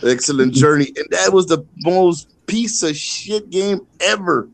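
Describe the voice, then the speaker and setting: A man's voice: high-pitched, measured pace, creaky, dry recording. A man on a podcast telling crude childhood stories in casual banter, laughing often. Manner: laughing, crude, animated storyteller. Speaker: podcast co-host.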